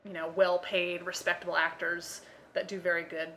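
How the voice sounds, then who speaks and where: A woman's voice: fairly low pitch, little pitch movement, moderate pace, a bit bright. An American woman co-hosting a podcast, chatting casually with lots of fillers and acting out quoted voices. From United States. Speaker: podcast co-host. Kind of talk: casual chat.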